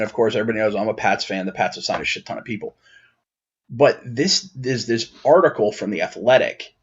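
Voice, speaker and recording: A man's voice: fairly low pitch, breathy edge. A man co-hosting a nerd podcast in loose, rambling chat. He stumbles through restarts and fillers and gets worked up when something bugs him. His audio sounds a little dull and lo-fi. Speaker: podcast co-host. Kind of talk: casual chat.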